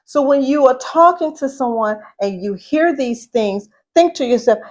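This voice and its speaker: A middle-aged woman from Southeast Louisiana with a Southern accent, teaching etiquette and speech in a deliberate way, repeating points and asking the listener questions. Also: on the high side, expressive, darkish tone. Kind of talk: instructional talk.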